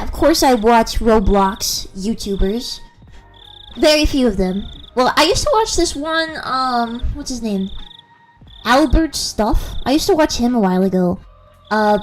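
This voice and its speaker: A woman streamer chatting casually, giggling often and rambling through restarts, on a handheld mic held close. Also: fairly high pitch. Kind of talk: casual live-stream chat.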